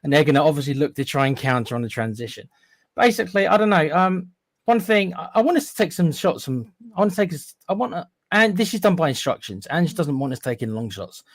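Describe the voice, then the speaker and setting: A man's voice: on the high side, expressive, fast, no echo. A man with a slightly raised voice chats about football in an emphatic way, restarting his sentences often. His voice is recorded dry and close, with no room sound. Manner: chatty, emphatic, many restarts. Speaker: regular pundit. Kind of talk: casual football podcast chat.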